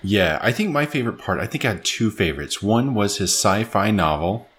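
A man's voice: on the low side, lively intonation, fairly quick, a bit bright. A man co-hosting a podcast in casual chat, upbeat and chatty, laughing easily. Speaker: podcast co-host.

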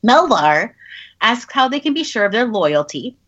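A woman's voice: a little high, very animated, normal speed, a bit bright, lo-fi sound. A woman on a podcast casually recapping a novel, wry and laughing between lines. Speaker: podcast host summarizing a novel.

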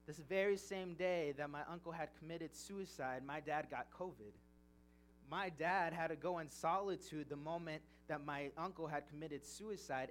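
Earnest young male preacher, slightly high. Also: fairly bright tone, slight background noise. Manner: earnest, emotional, reading scripture then storytelling. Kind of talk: sermon with personal testimony.

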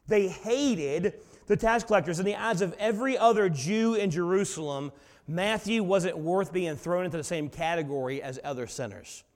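A man preaching a sermon in a church, telling the story dramatically and swinging between soft and loud. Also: high voice. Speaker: pastor. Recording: long reverb of a large hall.

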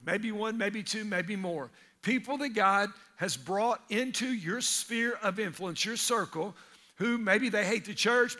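A male pastor, preaching energetically in church and breaking into shouted asides. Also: sits high. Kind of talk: sermon.

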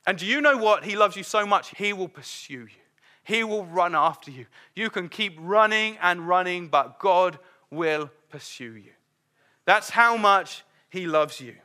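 Middle-aged man, sermon, conversational, acts out quotes; high, bright voice. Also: expressive, measured pace. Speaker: preacher.

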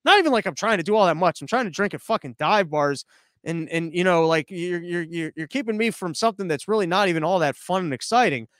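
High-voiced sarcastic male podcast host. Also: animated, quick pace, a bit bright, no echo, studio quality. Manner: rambling, sarcastic and crude. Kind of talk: casual live-stream commentary.

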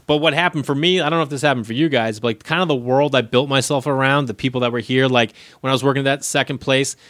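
A man in casual conversation, telling animated stories and acting out what people said, swearing freely. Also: mid-range voice, fast, no room sound, clean studio sound. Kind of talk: casual chat with storytelling.

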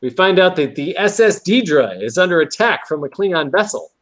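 In a high-pitched, fairly quick voice, a man co-hosting a podcast recaps an episode casually. His retelling is animated, and he acts out the quoted lines.

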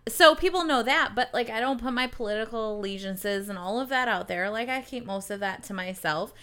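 A woman's voice: on the high side, brisk, bright, forceful tone. A young woman guest on a podcast, chatting candidly and animatedly, acting out quoted talk. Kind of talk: casual chat.

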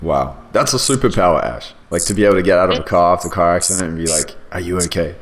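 Deep-voiced man hosting. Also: expressive, rapid-fire. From Australia. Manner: enthusiastic, hesitant restarts. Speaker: podcast host. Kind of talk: casual interview chat.

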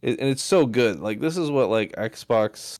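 A man co-hosting a gaming podcast in casual chat, playful and animated, often trailing off and restarting mid-sentence. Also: medium pitch, measured pace, no room sound, studio quality. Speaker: podcast co-host.

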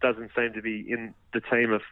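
A man's voice: on the low side, completely flat delivery, moderate pace, no room sound. A man, a guest football journalist, talking casually on radio with lots of hedging fillers and restarts. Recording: tinny phone line.

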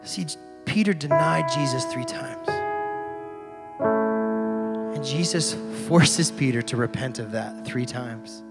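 A young adult man gives a casual, conversational youth sermon as a pastor, preaching with fillers. His medium-pitched voice is slow and creaky, with long pauses. Loud piano music sits underneath, described also as soft piano in the background.

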